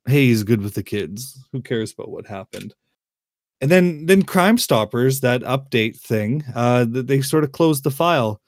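A man's voice: mid-range voice, animated, a little slow, a little mellow, no room sound, studio quality. A man chatting casually as podcast host, laughing often and restarting his sentences. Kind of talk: casual chat.

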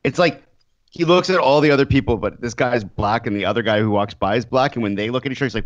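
A man's voice: mid-range voice, fast, dry recording. A man co-hosting a podcast, telling rambling stories in casual chat with crude jokes. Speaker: podcast co-host. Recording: dry, dull lo-fi sound.

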